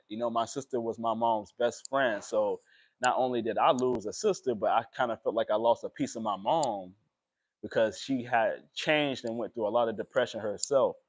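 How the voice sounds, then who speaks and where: A young man, talking emotionally and haltingly in a personal vlog, with many pauses and fillers. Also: medium pitch, no room sound. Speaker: vlogger.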